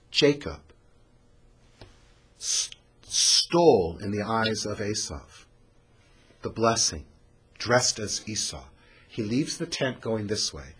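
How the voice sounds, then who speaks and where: A male teacher gives an animated scripture lesson with a husky voice. His pitch moves widely, and he swings between loud emphasis and hushed delivery.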